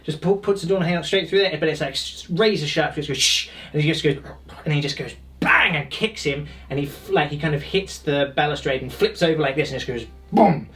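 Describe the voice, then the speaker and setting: A man's voice: a little high, fast talker, few pauses, distant mic. A man playing a tabletop game, animatedly describing his character's actions with sound effects and repeated words. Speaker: player.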